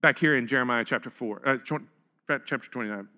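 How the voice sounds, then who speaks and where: A man preaching a sermon as pastor, animated, repeating words and acting out the quotes he reads. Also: mid-range voice, brisk, muffled recording.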